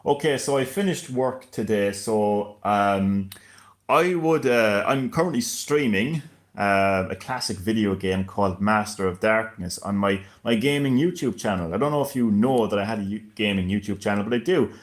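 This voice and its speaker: A man's voice: fairly low pitch, lively intonation, moderate pace. A man hosting a gaming live stream in casual chat, hesitant and stammering, with frequent laughs.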